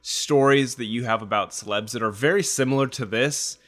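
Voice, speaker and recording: A man's voice: mid-range voice, brisk, fairly bright tone. A man co-hosting a podcast in casual chat, amused and teasing, often laughing as he reacts to his partner. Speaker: podcast co-host.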